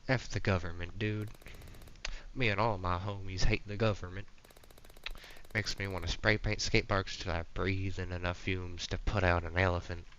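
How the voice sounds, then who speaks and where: A man voicing a rowdy young male anti-government skater punk in a put-on Southern accent, loud and slangy. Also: deep voice, little pitch movement, normal speed, dull audio, slight background noise. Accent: American Southern, put on.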